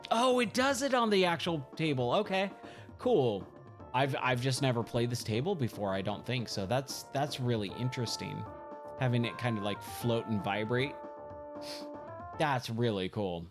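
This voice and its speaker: A man's voice: mid-range voice, lively intonation, moderate pace. A man streaming a pinball game, chatting casually and rambling, often repeating himself as he thinks aloud. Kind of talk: casual gameplay chat. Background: game music.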